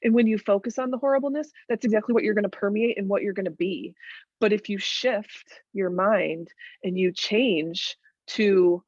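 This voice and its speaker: A woman's voice: mid-range voice, normal speed, darkish tone, dry recording. A middle-aged woman speaking candidly as a podcast guest, earnest and emphatic, often repeating phrases for weight, on a dull lo-fi mic. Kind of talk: candid conversational interview.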